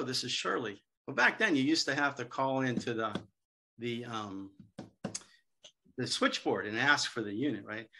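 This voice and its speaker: A middle-aged man speaking as a seminar guest, telling lively anecdotes about selling to hospitals and acting out the dialogue. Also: medium pitch, creaky, slightly rough. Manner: lively storyteller, acts out quoted dialogue.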